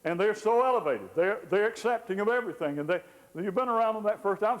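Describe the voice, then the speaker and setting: A man's voice: a little high, fast. A man, giving a folksy teaching talk as a Christian counselor and acting out the people he quotes. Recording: long hall reverb.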